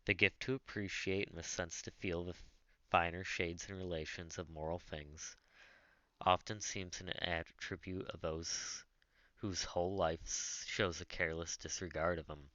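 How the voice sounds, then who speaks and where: A man reading a classic novel aloud as an audiobook narrator, slow and measured. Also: sits low, fairly even intonation, sharp tone, no echo. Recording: dull lo-fi dry recording.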